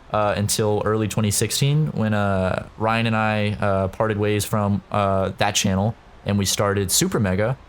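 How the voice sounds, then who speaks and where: Rambling, low-voiced young man. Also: clean tone. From South Carolina. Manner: rambling, profane, lots of fillers. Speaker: podcast guest. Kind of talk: casual podcast chat.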